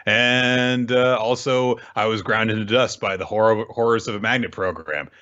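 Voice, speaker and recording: A man's voice: lowish voice, fairly even intonation, normal speed, pushed and bright. A young man co-hosting a casual manga recap, making wry, jokey asides. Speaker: podcast co-host. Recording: slightly dull lo-fi audio.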